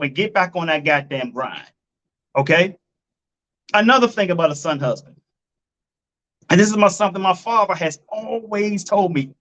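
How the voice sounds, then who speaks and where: A man's voice: sits high, fairly bright tone. A man giving blunt, profane relationship commentary, repeating his points and calling his listeners folks and family.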